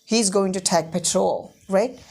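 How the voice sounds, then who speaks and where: A woman's voice: medium pitch, unhurried, gravelly, a little mellow. A woman teaching a language lesson, repeating words and often checking in with "right?". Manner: repetitive, checks understanding with "right?". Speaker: English teacher.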